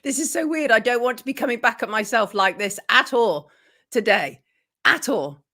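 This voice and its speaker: A woman's voice: on the high side, lively intonation, normal speed, pushed and bright. A woman hosting a live morning show, chatting and greeting viewers by name. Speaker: host.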